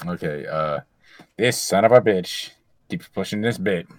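A man's voice: sits low, measured pace, no echo. A man co-hosting a comedy podcast, exasperated and repeating himself for comic effect. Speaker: podcast co-host. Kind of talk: casual comedy banter.

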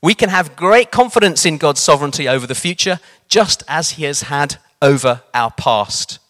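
A male preacher giving a sermon, telling a story in an animated way and slowing down or speeding up for emphasis. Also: on the high side. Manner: animated, varies pace for emphasis.

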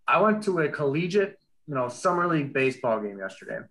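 A man's voice: a little high, sing-song, fast, a bit bright, rough recording. A man from Kansas, a podcast co-host and sports reporter, telling a rambling story in casual chat with many fillers.

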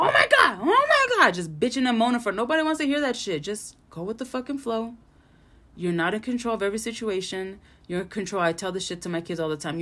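A woman in her thirties hosting a solo podcast, chatting casually and bluntly, swearing freely and telling stories with animated put-on quotes. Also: mid-range voice. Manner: blunt, profane, animated storytelling. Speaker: podcast host.

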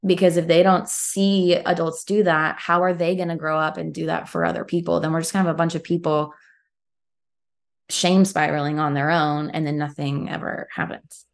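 A woman's voice: low voice, level tone, vocal fry. A young woman, an actor and guest, talking earnestly in a casual podcast interview. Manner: earnest, quick bursts with laughs.

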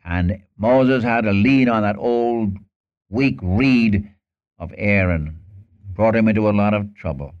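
A man preaching in an earnest, pleading manner, his voice sitting a little low. He breaks into acted Bible dialogue as he goes. The recording sounds dull and lo-fi. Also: takes it slowly. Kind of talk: sermon.

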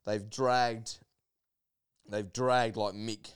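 Aussie guy spinning a yarn, smooth clear voice, laughs a lot, lots of ums. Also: fairly low pitch, drawn-out words. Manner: animated, laughing storyteller with lots of fillers. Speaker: podcast guest. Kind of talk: casual storytelling.

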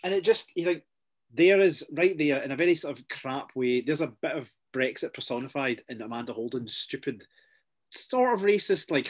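A man's voice: medium pitch, lively intonation. Chatty sardonic man. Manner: chatty, sardonic, quick asides. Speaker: podcast co-host. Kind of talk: casual chat.

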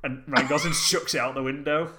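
Relaxed young man retelling scenes. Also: on the high side, brisk, background noise. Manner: relaxed, storytelling, acts out quotes. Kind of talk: casual film chat.

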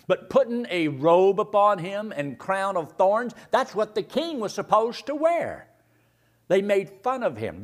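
Male preacher, sermon, fairly high voice, very animated pitch, rhetorical questions, slow scripture reading. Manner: rhetorical questions, dramatic swings from loud to hushed; reads scripture slowly and deliberately.

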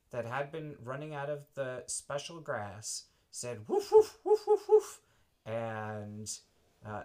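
A man improvising a bedtime story for a child, gentle and unhurried, making it up as he goes. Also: mid-range voice. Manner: slow, gentle, makes it up as he goes. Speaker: parent telling a bedtime story.

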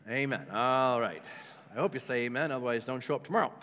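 A man's voice: medium pitch, fast talker, fairly bright tone, dull audio. A man preaching a sermon as a pastor, emphatic and repetitive, with joking asides to the congregation. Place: church sanctuary. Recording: long hall reverb.

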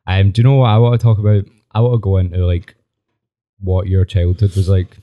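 A man's voice: low-pitched, level tone, brisk, clear, resonant tone, dry recording. A young man hosting a podcast in a teasing, chummy way, chatting with his best mate. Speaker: podcast host. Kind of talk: casual chat. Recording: dull, dry lo-fi sound.

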